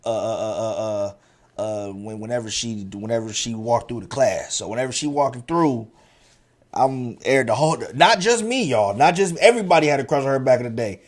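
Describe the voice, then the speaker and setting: Guy from ohio on his podcast, slangy chatty storytelling, restarts a lot, mid-pitch voice. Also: fairly quick. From central Ohio. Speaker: podcast host. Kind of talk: casual storytelling monologue.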